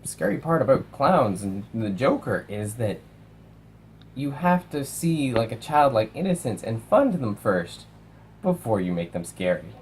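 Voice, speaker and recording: A young man casually reviewing films, animated, swearing and acting out lines from movies. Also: mid-range voice, measured pace, slight background noise, poor audio. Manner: animated, swears, acts out quotes. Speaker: film reviewer.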